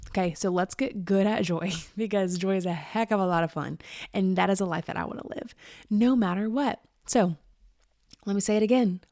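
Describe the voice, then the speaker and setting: A woman's voice: mid-range voice, normal speed, dark tone, no room sound, clean studio sound. A woman in her thirties hosting her podcast, talking candidly in a chatty, emphatic way and laughing often. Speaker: podcast host. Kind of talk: candid casual monologue.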